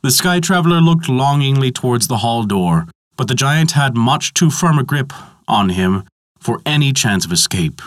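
A man narrating a mythology story in a measured, dramatic storytelling manner. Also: mid-range voice, animated, dry recording, studio quality.

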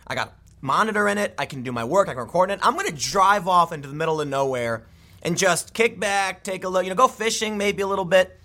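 A man in his thirties giving opinionated news commentary, sarcastic and exasperated, with quick asides. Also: sits high, sharp tone. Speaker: political commentator.

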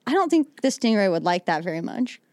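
A woman in her twenties, a comedian guest, joking in a self-deprecating way with deadpan asides and frequent giggles. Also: mid-range voice, fairly quick, dry recording. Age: 20s. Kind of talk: casual comedy chat.

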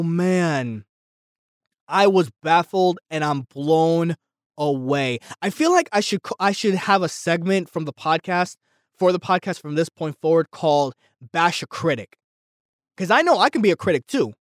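A young man hosting a solo podcast, ranting heatedly and swearing. He repeats himself and swings between yelling and muttering. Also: a little high, expressive, moderate pace, no room sound, studio quality. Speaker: podcast host.

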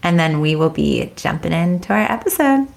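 A woman's voice: low voice, expressive, moderate pace, creaky. A woman from California co-hosting a podcast, chatting in a bubbly, exclamatory way. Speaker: podcast co-host. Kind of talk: casual chat.

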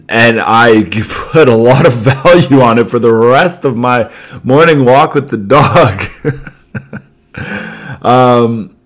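A young man, hosting a podcast and telling a casual story, laughing often, swearing, and asking "right?" a lot. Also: medium pitch. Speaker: podcast host.

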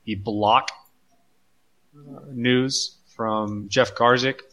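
A man's voice: medium pitch, fairly even intonation, drawn-out words, fairly bright tone. A man co-hosting a podcast who talks casually, thinking aloud and often repeating his words. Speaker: podcast co-host. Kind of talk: casual chat.

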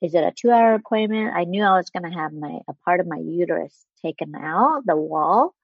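A woman guest speaking candidly and earnestly about a hard personal experience, with halting restarts as she talks. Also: on the low side, lively intonation, slightly rough, dry recording, dull audio. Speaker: interview guest. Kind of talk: candid personal storytelling in conversation.

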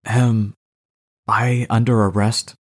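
A man's voice: lowish voice, flat delivery, slow. A man reading as a sarcastic, cocky publisher. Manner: sarcastic, mocking. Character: male book publisher, sarcastic and cocky, adult. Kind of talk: audiobook character reading.

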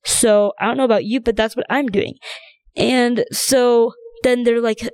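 A woman's voice: on the high side, steady tone, measured pace, a little mellow, no echo. A young woman hosting her own podcast, rambling in a casual, chatty way with plenty of fillers. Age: young adult. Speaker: podcast host. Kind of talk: casual solo chat.

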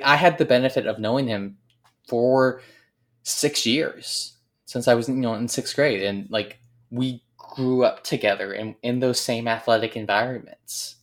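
A man telling a heartfelt personal story about a late teammate, earnest and reflective, often pausing and searching for words. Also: fairly low pitch. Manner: earnest, reflective, halting with frequent pauses. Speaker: speaker remembering a late teammate.

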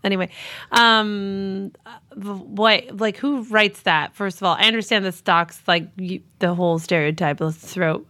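Woman podcast co-host, animated and jokey rants, mid pitch, dry close sound. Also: measured pace, dry recording. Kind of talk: casual movie review chat.

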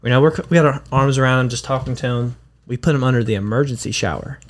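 A young man, a recent high school graduate, telling laid-back, slangy stories as a podcast guest. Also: fast. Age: young adult. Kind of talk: casual chat.

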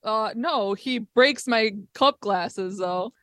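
A young woman chats as a podcast guest, her voice pitched a little high and recorded dry and close. She tells home stories with a laugh and frequent swearing. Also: slow pace, a bit bright, no room sound. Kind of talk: casual chat.

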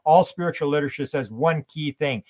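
An older Canadian man, appearing as a guest in a conversational interview, speaks with a fairly high, slightly mellow voice at a somewhat quick pace. He tells stories animatedly, acting out the voices of the people he quotes.

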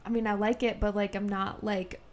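A woman's voice: mid-range voice, little pitch movement, fairly quick. A young woman with a Midwestern American accent co-hosting a podcast, hesitant and giggly in casual chat. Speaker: podcast co-host.

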